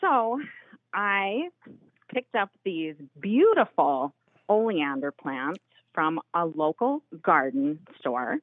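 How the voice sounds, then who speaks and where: A woman's voice: lowish voice, big pitch swings, takes it slowly. A woman caller from Minnesota with an Upper Midwest American accent, chatting in a friendly way on a call-in radio show. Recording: tinny phone line.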